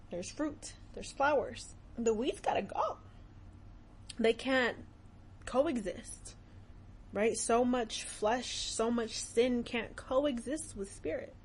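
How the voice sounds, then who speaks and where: A young woman hosting a podcast, talking about faith in an earnest, animated way and often laughing. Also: medium pitch, a little hiss or hum. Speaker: podcast host. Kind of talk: casual faith talk.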